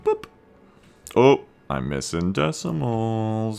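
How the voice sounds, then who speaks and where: Faint music plays behind a deep-voiced man talking at normal speed as he codes a game mod on a live stream. He keeps it casual, reading the chat aloud, cursing easily, and making fun of himself.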